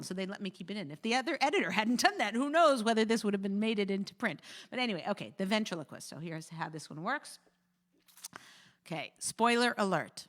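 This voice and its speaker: Animated woman hosting a talk show. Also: mid-range voice, fairly quick. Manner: animated, acts out quoted voices. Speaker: host. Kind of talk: casual talk show advice.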